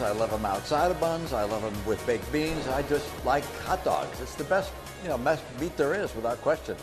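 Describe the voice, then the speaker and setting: A man's voice: mid-range voice, lively intonation, moderate pace, few pauses, over music. A man giving stiff, formal, earnest remarks in a played clip. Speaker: politician in archive clip.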